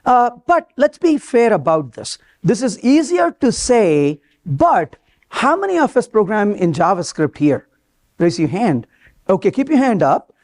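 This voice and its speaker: A man giving a live technical talk at a conference, lively and joking, asking the audience questions. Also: high-pitched, unhurried. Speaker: conference speaker. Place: conference hall before an audience.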